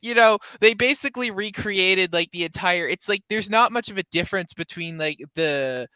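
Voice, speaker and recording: A man's voice: sits high, normal speed, bright, forceful tone, clean tone, dry recording, rough recording. A man chatting casually as a guest, hesitant and full of filler words. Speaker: podcast guest. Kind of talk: casual chat.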